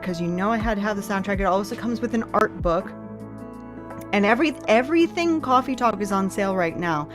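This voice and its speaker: A woman streaming from home in casual chat, thinking aloud as she sets things up. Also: medium pitch. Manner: chatty, thinks aloud while setting things up. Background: faint lo-fi music.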